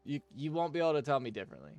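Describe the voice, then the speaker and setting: A man's voice: fairly high pitch, very animated, racing, darkish tone, soft background music. A young man, chatting casually on a game stream and venting profanely about work. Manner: profane, ranting, venting frustration. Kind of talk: casual gaming stream chat.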